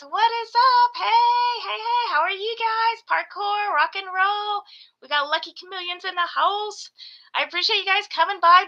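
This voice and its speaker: Bright, high-voiced gushing woman. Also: lo-fi sound. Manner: gushing, baby-talks to her geckos. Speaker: reptile breeder hosting a live sales stream. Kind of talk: casual live stream chat.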